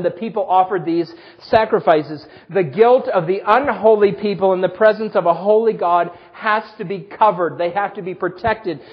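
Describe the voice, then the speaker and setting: A man preaching a sermon, telling personal stories with self-deprecating humor in a husky voice. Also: high-pitched, lo-fi sound. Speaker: pastor.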